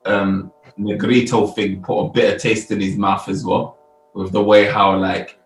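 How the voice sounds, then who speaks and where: Low-voiced man, distant and echoey. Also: little pitch movement, unhurried, soft background music. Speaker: football podcast panelist. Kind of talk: casual post-match chat. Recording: echoey room, away from the mic.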